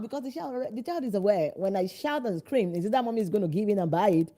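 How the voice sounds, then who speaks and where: A woman's voice: medium pitch, lively intonation, fast talker, mellow. A woman parenting coach giving emphatic, direct advice with rhetorical questions. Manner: acts out parents' and children's lines in changed voices. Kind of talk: instructional talk to parents.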